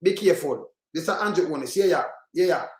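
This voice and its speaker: A man's voice: a little high, animated, fast talker, darkish tone, reverberant, low-quality recording. A man with a Jamaican accent giving heated political commentary, mixing in patois. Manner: heated, ranting, mixes patois.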